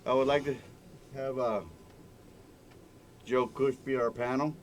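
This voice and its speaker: A man's voice: medium pitch, steady tone, a little slow. A man hosting a live internet radio show, steering things along in an easygoing way. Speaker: show host.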